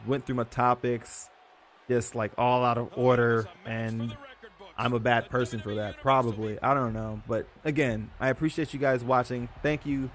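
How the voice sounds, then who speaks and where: Speaking at a moderate pace with a steady, medium-pitched tone, this young YouTube host offers loose, rambling commentary on his channel. His talk is full of fillers, and he keeps correcting himself.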